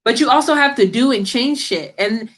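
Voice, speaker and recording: A woman's voice: on the high side, lively intonation, moderate pace, fairly bright tone. A woman giving a casual tarot reading to camera, talking in a blunt, slangy, scolding way and swearing freely. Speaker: tarot reader.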